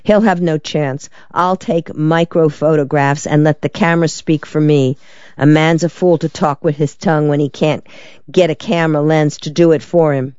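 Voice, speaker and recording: An audiobook reader voicing a crisp, impatient male police lieutenant. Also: mid-range voice, fairly even intonation, moderate pace, darkish tone, no echo, highs cut off, lightly acted. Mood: brisk. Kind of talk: audiobook character reading.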